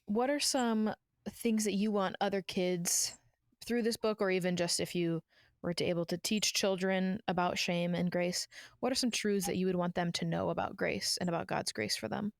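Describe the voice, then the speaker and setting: A woman's voice: medium pitch, steady tone, normal speed, vocal fry, no echo, clean studio sound. A woman co-hosting a podcast, a mother telling casual stories, chatty and laughing as she recounts them. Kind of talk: casual conversational chat.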